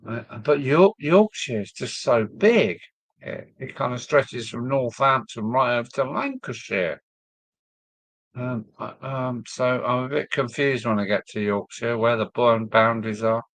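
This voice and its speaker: Slow rambling man from Kent. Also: medium pitch, no echo. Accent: southern English. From Kent, England. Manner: rambling, musing aloud with many fillers. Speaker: model railway live stream host. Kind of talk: casual chat reading viewer comments.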